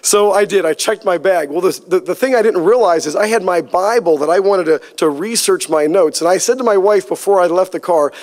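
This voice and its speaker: A man preaching a sermon, telling a lively personal story and acting out the dialogue. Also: high voice, brisk, few pauses. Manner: storytelling, animated, acts out quoted dialogue. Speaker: pastor.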